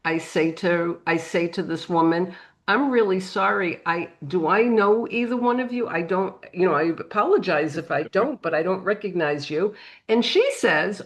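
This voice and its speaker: A middle-aged woman with a New England accent, telling a lively anecdote on a panel and acting out the voices in it. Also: on the low side, measured pace. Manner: animated anecdote with acted-out quotes. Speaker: panel guest. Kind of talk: storytelling on a panel.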